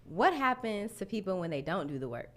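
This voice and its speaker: Calm woman host asking questions. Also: medium pitch, brisk. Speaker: podcast host. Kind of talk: interview questions.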